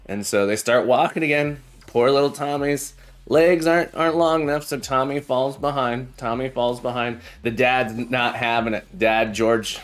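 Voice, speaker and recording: A man's voice: medium pitch, moderate pace. A man who teaches programming, chatting casually on a live coding stream, telling jokes and often repeating his phrases. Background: faint background music.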